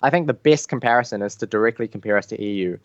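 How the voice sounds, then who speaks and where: A man's voice: medium pitch, very fast, no room sound. A man with an Australian accent, a guest chatting casually in an interview, rambling with many fillers over a remote call. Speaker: guest raid leader. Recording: dull dry lo-fi call audio.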